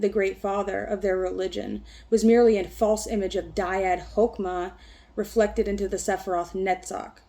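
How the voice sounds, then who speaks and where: A woman vlogger who reads a text aloud haltingly and breaks off into rambling, profane talk. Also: medium pitch, mellow. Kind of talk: reading aloud and casual ranting.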